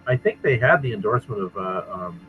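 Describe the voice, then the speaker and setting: A man game master talks quickly and loosely, often tripping back over his words. His voice comes through a dull, lo-fi line with faint music underneath. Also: fairly low pitch, animated, slightly rough. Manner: rapid, restarts and repeats words. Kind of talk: casual chat between tabletop players.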